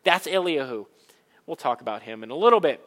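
A man preaching a sermon, animated and conversational, acting out the people in the story in quick asides. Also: a little high, big-room sound. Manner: animated, acts out Bible characters in quick asides. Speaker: pastor.

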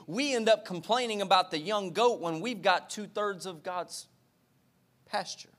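A man's voice: sits high, measured pace, a bit bright. A male pastor preaching a sermon with impassioned, emphatic repetition, speaking directly to his congregation.

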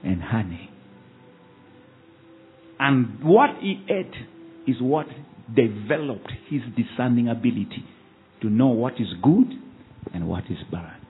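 A man, a pastor preaching a sermon with call-and-response and quick rhetorical questions at a church service. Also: mid-range voice, big pitch swings, slight background noise. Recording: tinny phone-like sound, faint ambience.

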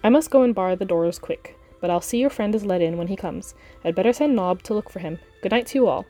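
A woman voicing a chatty, flustered middle-aged male innkeeper who talks high and fast when scared. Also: expressive, dark tone, faint music behind, lightly acted. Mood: fussy.

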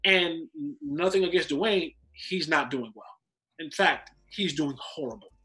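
A man telling football stories in casual chat, animated and often repeating words. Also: fairly high pitch, a little slow. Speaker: podcast host, former football player. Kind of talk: casual storytelling.

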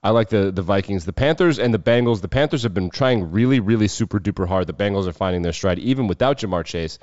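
Host type, low-voiced guy, loose and cussy sports picks, dry dull mic. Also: expressive, fast talker, a little mellow, no echo. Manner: loose, irreverent, swears freely. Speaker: sports betting show host. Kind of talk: casual sports talk.

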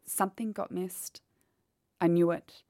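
A woman's voice: lowish voice, fairly even intonation, unhurried, warm tone, no echo, clean studio sound. A woman, telling a painful personal story candidly in an interview. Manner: candid, quotes others as she retells. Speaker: guest.

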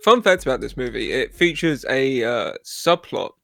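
A young man co-hosts a casual podcast, delivering dry, deadpan jokes between halting restarts. His voice has a gravelly, creaky edge. The sound is dry and close-miked. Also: medium pitch, dry recording, faint music behind. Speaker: podcast co-host. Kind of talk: casual movie podcast chat.

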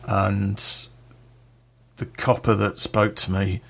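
A man tells a story from his own life, blunt and full of swearing, with a laugh now and then. His voice sits low with a heavy gravelly fry. The delivery stays casual and direct. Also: little pitch movement, takes it slowly. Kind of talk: personal storytelling.

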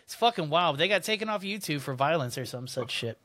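A man's voice: a little high, lively intonation, a little fast, a bit bright. A man in casual podcast banter, laid-back and profane, laughing along.

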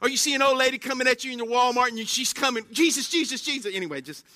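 A man's voice: very high voice, racing. A man preaching a sermon, telling stories animatedly, acting out exclamations and often asking the congregation questions. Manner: animated storytelling with acted-out exclamations; asks the congregation frequent questions.

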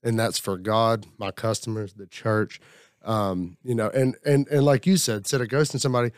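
A man's voice: lowish voice, steady tone, moderate pace, smooth, dry recording, studio quality. A man talking about his week at a table, rambling and acting out what others said. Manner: rambling, self-reflective, acts out quotes. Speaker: group member sharing. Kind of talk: casual group talk.

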